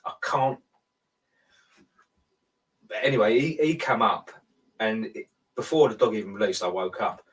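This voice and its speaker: A man recounting a dream in loose, chatty talk, stopping and restarting mid-sentence. His voice sits fairly low. He sounds set back from the microphone. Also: lively intonation, moderate pace, long pauses, recorded from a distance, poor audio. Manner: rambling storyteller, self-interrupting. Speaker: guest telling a dream. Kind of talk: casual chat.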